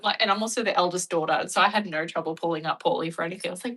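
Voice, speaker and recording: A woman's voice: lowish voice, very fast, hardly any pauses, distant mic, poor audio. A woman, chatting casually with her audience and telling stories with lots of laughter. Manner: chatty, laughing, animated storytelling. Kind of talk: casual chat.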